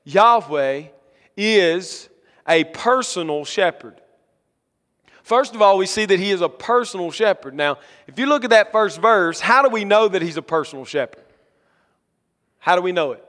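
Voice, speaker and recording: A male pastor preaching a sermon, reading scripture slowly and building to emphatic, rising lines. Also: sits high, expressive, a bit bright, in a large hall. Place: church sanctuary.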